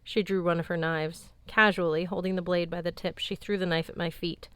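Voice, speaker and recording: A woman narrating an audiobook in a measured, even tone, recorded close on a studio mic. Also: fairly low pitch, smooth, dry recording. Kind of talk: scripted narration.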